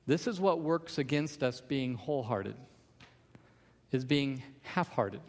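A man's voice: a little high, fairly bright tone, big-room sound. A man preaching a sermon as pastor, emphatic, with repeated refrains.

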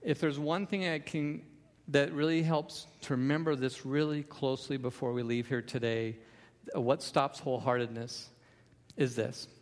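A man's voice: medium pitch, steady tone, moderate pace, big-room sound. A man preaching a sermon as pastor, emphatic, with repeated refrains.

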